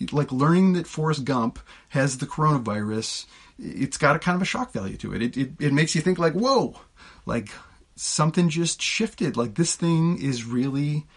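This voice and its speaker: A man's voice: medium pitch, slightly rough. A male preacher giving a conversational sermon with casual asides, often restarting his sentences. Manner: conversational, with frequent restarts and filler words.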